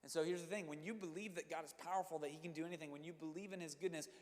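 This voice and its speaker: A man with a high, bright voice preaches to young people in a sermon, driving his points home by repeating them and addressing his listeners directly. His words ring out with a long hall reverb. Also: steady tone, rapid-fire. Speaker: youth pastor.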